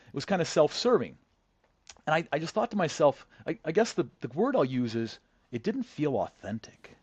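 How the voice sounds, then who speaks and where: A man's voice: on the high side, sing-song, moderate pace, a little mellow, slightly rough, no room sound. A man as a podcast guest, a negotiator telling a story in a conversational way, often restarting and repeating words. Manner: frequent restarts and word repeats.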